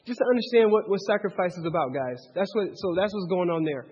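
A man with a husky, fairly high voice preaches a casual, conversational sermon. He talks straight to the congregation and keeps checking that they follow him. The recording is dull and lo-fi, with a long reverb from a large sanctuary. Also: fast. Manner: direct, animated, checks in with listeners. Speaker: pastor.

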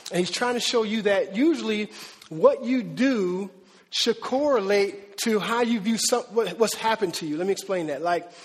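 A man preaching a sermon as a pastor. He talks in a conversational, animated way, often checking in with "right?" and acting out the voices in his stories. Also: sits high, breathy edge. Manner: animated storytelling with acted-out quotes. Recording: long hall reverb.

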